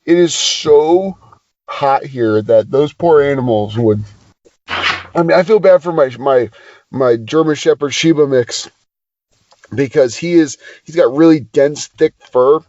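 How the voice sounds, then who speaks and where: A man from Southern California chats easily on a podcast, laughing often. His voice sits a bit high, and the sound is dry and muffled. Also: a little slow, no echo. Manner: laughs often, relaxed and chatty. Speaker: podcast co-host. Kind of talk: casual chat. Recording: dry, dull lo-fi podcast audio.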